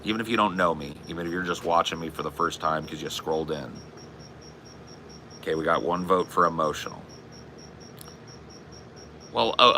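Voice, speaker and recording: A man's voice: rumbling low, creaky, noisy background. A man in his forties chatting casually on a live stream, rambling and swearing in a bro-ish way. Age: 40s. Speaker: streamer and podcast host.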